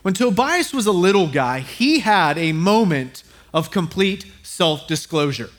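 A man's voice: sits high, a little slow. A man, a pastor, preaching a sermon, telling stories with humor, often repeating words as he restarts and talking right to the audience. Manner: storytelling with humor and audience asides; frequent restarts, animated and acting out voices.

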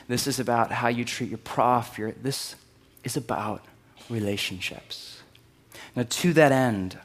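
A middle-aged man pastor preaching a sermon in an emphatic, energetic way, climbing to loud high peaks and dropping to quiet low stretches. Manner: energetic, emphatic preaching with sudden rises in pitch and volume.

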